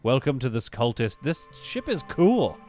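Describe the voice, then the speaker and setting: A man's voice: mid-range voice, big pitch swings, normal speed, darkish tone. Chatty streamer man, faint music behind. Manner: chatty, rambling, reads chat aloud. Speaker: game streamer. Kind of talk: casual live-stream commentary.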